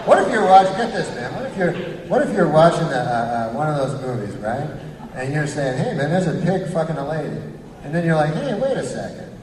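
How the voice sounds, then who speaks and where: A man doing a rambling stand-up routine, deadpan and halting, recorded from far off in a roomy club with a laughing audience. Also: a little high, background noise. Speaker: stand-up comedian. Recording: roomy club sound from far off with loud crowd.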